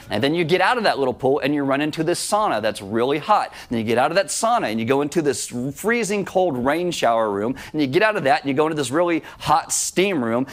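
A man delivers a sermon to his congregation, speaking in a conversational, self-deprecating way. His voice sits a bit on the high side for a man. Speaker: pastor.

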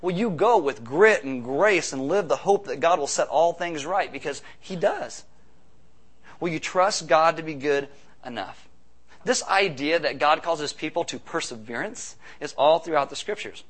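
A man preaching a sermon as pastor, conversational, with quick asides and rhetorical questions. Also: fairly high pitch, lively intonation, slightly rough.

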